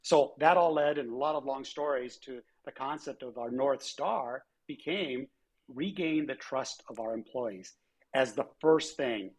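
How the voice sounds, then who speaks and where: Husky older man telling animated stories. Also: medium pitch, unhurried, rough recording. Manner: animated storyteller with frequent restarts and quoted voices. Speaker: former airline chief executive, interview guest. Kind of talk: conversational interview storytelling.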